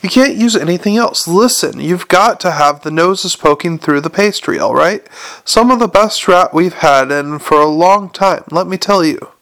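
A man reading aloud voices an indignant, blustering male dwarf restaurateur who defends his cooking loudly. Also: on the high side, measured pace, creaky.

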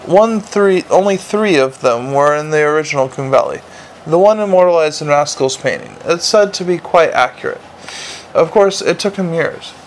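A man's voice: fairly high pitch, moderate pace, a little hiss or hum, lightly acted, low-quality recording. A man reading a storybook who voices an earnest, dutiful young male captain, pedantic and literal-minded.

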